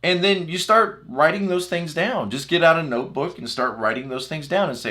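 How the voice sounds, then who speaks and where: A man's voice: a little high, brisk, hardly any pauses, pushed and bright. A man coaching his viewers in an earnest, encouraging talk, repeating phrases for emphasis. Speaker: enneagram coach. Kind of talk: motivational talk to camera.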